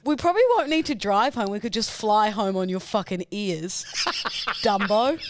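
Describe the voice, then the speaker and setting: A woman's voice: mid-range voice, normal speed, no room sound. A woman co-hosting a podcast, chatting casually, swearing and firing off teasing comebacks. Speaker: podcast co-host. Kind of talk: casual banter.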